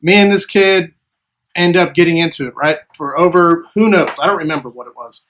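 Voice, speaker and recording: A man's voice: on the high side, fairly quick, a bit bright. A man vlogging in a casual monologue, telling a story and acting out what others said. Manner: storytelling, acts out quoted voices.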